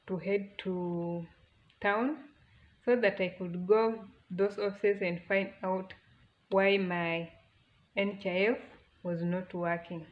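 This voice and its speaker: A woman's voice: mid-range voice, muffled recording. A woman with a Kenyan accent telling a personal story, earnest and emotional, often restarting her sentences. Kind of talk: casual storytelling.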